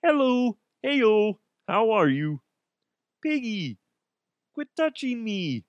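A man doing a goofy impression of a male frog puppet in a high, silly voice. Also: big pitch swings, slow, clear, resonant tone, no room sound, lo-fi sound, full character voice.

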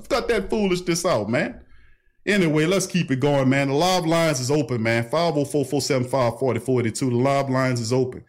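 A middle-aged man, hosting a casual call-in livestream in an animated, preachy way full of street slang. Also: fairly high pitch, fast talker. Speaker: livestream talk host. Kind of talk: casual call-in talk stream.

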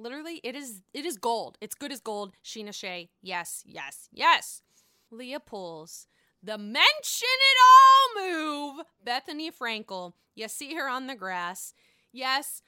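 Woman, casual recap vlogger, gossipy and animated, fairly high voice, dry close mic. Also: smooth, dry recording. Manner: gossipy, animated, dramatic outbursts. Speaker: reality TV recapper.

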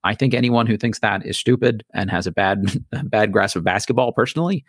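A man's voice: fairly low pitch, brisk, breathy edge, no room sound, clean studio sound. A man hosting a casual sports podcast chat, blunt and opinionated. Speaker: podcast host.

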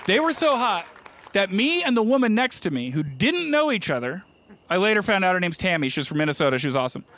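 A man's voice: sits high, big pitch swings, fast talker, fairly bright tone, slight background noise. A middle-aged man from New Jersey doing a stand-up routine on a comedy club stage, telling self-mocking stories with playful asides to the crowd. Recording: live stage mic with audible room ambience.

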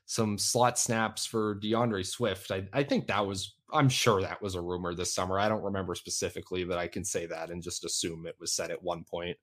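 A man co-hosting a fantasy football podcast, talking in a relaxed, self-deprecating way with halting restarts. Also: low-pitched. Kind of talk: casual podcast chat.

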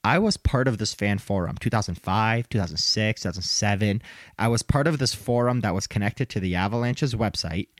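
A man with a lowish voice co-hosts a sports podcast, talking casually and animatedly about hockey. He tells stories with quick impressions and laughs along the way. The sound is dry and close to the mic. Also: no room sound. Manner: animated storyteller, mimics players with laughter. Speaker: podcast co-host.

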